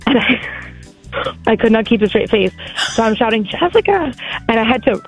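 A woman radio host telling a story in casual chat, animated and quick to laugh. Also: fairly high pitch, breathy edge, faint music behind, low-quality recording.

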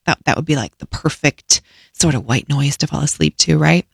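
A young adult woman hosting a radio show, telling a funny story in a casual, lively way and acting out voices. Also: low voice, moderate pace, vocal fry, slightly rough, no room sound, clean studio sound.

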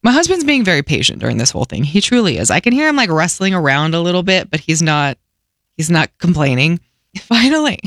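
Woman radio host telling a goofy story, lowish voice, bouncy and animated, dry studio sound. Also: dry recording. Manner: animated, self-deprecating, quick asides.

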